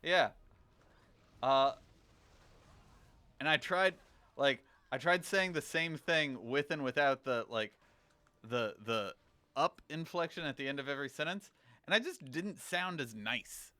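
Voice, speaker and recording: A man chatting casually as a game streamer on a livestream, rambling and thinking out loud. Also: a little high, lively intonation, measured pace, long pauses, no room sound. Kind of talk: casual livestream chat while gaming.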